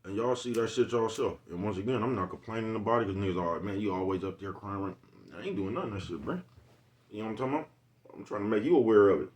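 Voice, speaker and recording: A man's voice: fairly low pitch, quick pace, a little mellow. A man in a casual, rambling vlog monologue, cursing freely and asking "you know what I'm talking about" again and again. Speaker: vlogger.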